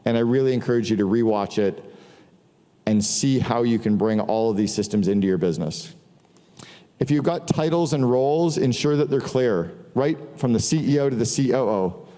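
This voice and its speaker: A man's voice: medium pitch, expressive, normal speed, warm tone. Man talking casually in a reverberant hall. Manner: casual, profane, storytelling with quoted dialogue. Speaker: speaker giving a business talk. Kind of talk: casual conference talk. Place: large hall before an audience.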